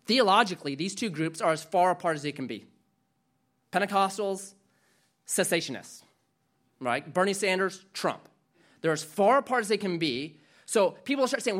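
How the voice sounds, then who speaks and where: A male pastor preaching a sermon, animated and acting out quoted voices. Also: high-pitched, moderate pace.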